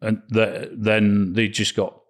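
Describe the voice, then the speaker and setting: A man's voice: fairly low pitch, monotone, takes it slowly. A man talking football on a podcast as a pundit, plain-spoken, agreeing and adding dry asides. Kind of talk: casual football chat.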